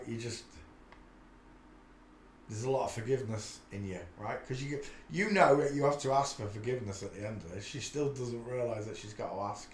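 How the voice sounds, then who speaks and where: A man's voice: mid-range voice, roomy sound, slight background noise. Rambling man hosting a live stream. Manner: rambling, chatty, many filler sounds. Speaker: livestream host. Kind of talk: casual live stream chat.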